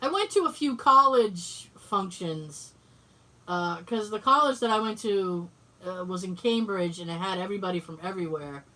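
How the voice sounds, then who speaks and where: Bright-voiced woman telling a story, off-mic. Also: mid-range voice, normal speed. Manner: acts out quoted dialogue, swears casually. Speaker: podcast co-host. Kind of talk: casual storytelling chat. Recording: voice distant from the mic.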